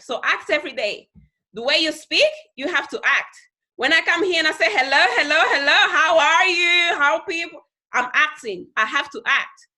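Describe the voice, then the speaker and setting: A high, bright woman's voice gives a motivational talk to her team over a video call. She talks with heavy emphasis, repeats phrases to drive them home, and now and then mimics other people in squeaky voices. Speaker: team leader on a group call.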